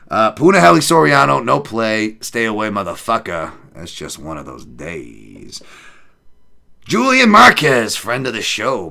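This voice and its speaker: Profane gravelly podcast host. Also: male voice, low-pitched. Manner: profane, rambling, swings between loud hype and mutters. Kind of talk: casual betting podcast chat.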